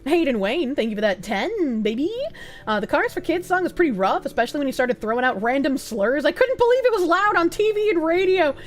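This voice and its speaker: A woman's voice: high voice, brisk. A woman, streaming and chatting casually as she reads out donations, swearing freely and gasping now and then. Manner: lively, swears casually, gasps and sings snippets. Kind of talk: casual livestream chat reading donations.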